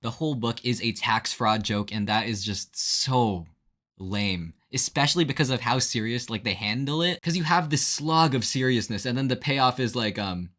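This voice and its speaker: A man's voice: mid-range voice, normal speed, a bit bright. A young man giving a casual, rambling spoiler review full of fillers, often checking in with the listener. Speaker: book reviewer.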